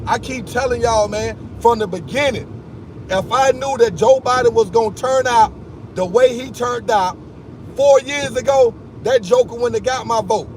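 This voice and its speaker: A man live-streaming from his car, talking excitedly and emphatically to his chat in slang. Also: extremely high pitch, moderate pace, slight background noise. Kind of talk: casual live-stream rant. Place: in a car at a gas station.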